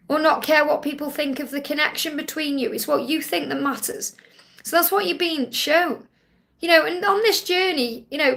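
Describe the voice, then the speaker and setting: A woman's voice: high voice, creaky, fairly bright tone. A woman reading tarot cards live for viewers' questions, reassuring and often checking in with "okay?". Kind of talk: live-stream Q&A card reading.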